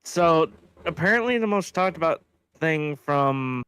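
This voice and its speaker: A young man co-hosts a wrestling podcast in loose, casual chat. His voice is smooth and clear and sits a little high. He swears freely and laughs between remarks. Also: expressive, unhurried, fairly bright tone, dry recording. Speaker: podcast co-host.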